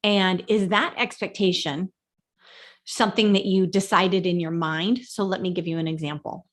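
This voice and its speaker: A woman's voice: on the low side, steady tone, moderate pace. Earnest woman coach teaching. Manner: earnest, emphatic, repeats key points. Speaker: life coach. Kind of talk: teaching talk to camera.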